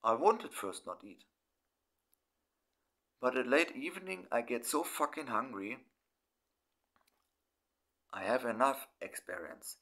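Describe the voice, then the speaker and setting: Slow-talking German man, halting English. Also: medium pitch, animated, pushed and bright. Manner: halting, broken English with swearing. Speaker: vlogger. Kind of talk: emotional personal monologue.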